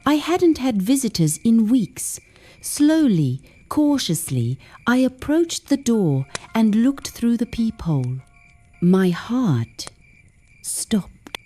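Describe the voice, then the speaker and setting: A woman narrating a first-person story for English learners in a slow, measured way, dropping to whispers at the tense moments. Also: mid-range voice, dark tone.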